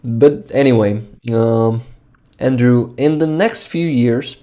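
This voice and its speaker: A man's voice: mid-range voice, slow pace, mellow. A young man from Ukraine with a Ukrainian accent, hosting a casual livestream, reading viewer messages aloud and often laughing or hunting for English words. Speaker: livestream host. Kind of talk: casual live-stream chat reading messages.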